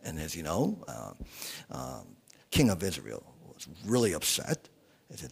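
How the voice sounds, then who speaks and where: A guest speaker at a small church, this man delivers a sermon haltingly, with many fillers, stopping to pose rhetorical questions to the congregation. His deep voice swings widely in pitch and has a creaky, breathy edge.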